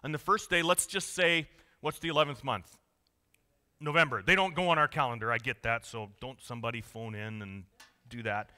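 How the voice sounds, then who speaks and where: Bright-voiced preacher in a hall. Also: male voice, medium pitch, moderate pace. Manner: conversational, joking, emphatic. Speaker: pastor. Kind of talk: sermon. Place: church. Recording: long reverb of a church hall.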